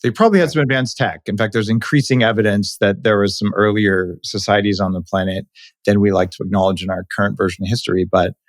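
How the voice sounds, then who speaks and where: A man hosting a podcast interview, talking in an animated, opinionated way with quick asides. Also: on the low side, no echo, studio quality. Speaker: podcast host. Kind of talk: casual interview chat.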